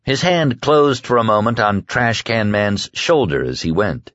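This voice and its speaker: Expressive low-voiced male audiobook narrator. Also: a little slow, dry recording. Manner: lively, expressive. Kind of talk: scripted narration. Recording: dull, dry lo-fi recording.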